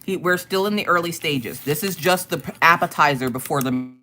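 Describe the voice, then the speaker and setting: A woman host telling a family story in casual chat, profane and animated, often laughing. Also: sits low, fairly quick, slight background noise. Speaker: streamer and craft channel host.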